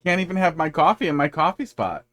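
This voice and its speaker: A man's voice: a little high, very animated, fast, fairly bright tone. A man streaming a game, casually chatting with viewers and talking fondly to his cats. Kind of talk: casual live-stream chat.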